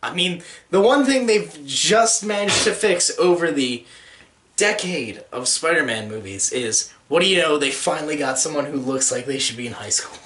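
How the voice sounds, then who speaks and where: A man's voice: a little high, animated, normal speed, fairly bright tone. A man co-hosting a podcast in casual movie-review chat, agreeable with dry asides. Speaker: podcast co-host. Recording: echoey room with noticeable hiss.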